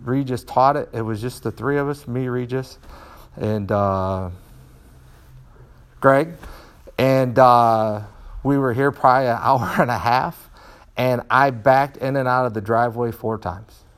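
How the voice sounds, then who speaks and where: This is a middle-aged man recounting candid personal stories in a dojo, where he trains in martial arts. Animated but prone to frequent restarts, he speaks a little slowly in a clean, mid-range voice, leaving long pauses.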